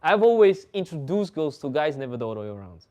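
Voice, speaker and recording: This young man from the Netherlands speaks quickly in a slightly high voice. Hosting a laid-back chat, he spins animated stories, laughing and swearing along the way.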